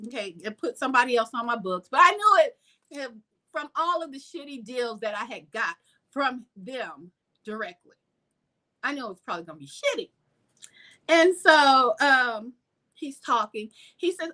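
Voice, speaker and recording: High, bright-voiced sassy woman storyteller. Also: moderate pace, long pauses. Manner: animated, sassy, acts out quotes. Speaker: vlogger. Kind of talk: casual storytelling.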